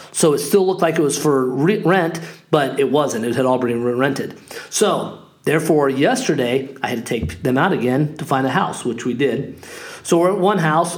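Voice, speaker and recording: A man in his forties, a real estate agent hosting a podcast, talking in a casual, upbeat and rambling way with lots of fillers. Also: a little high. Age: 40s. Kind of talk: casual monologue.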